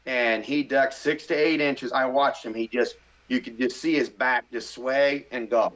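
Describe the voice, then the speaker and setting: A middle-aged man from the Midwest telling a story in a casual interview, animated and excitable, acting out his own thoughts. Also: mid-range voice, a little slow. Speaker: hunting show host, podcast guest. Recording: slightly dull podcast audio.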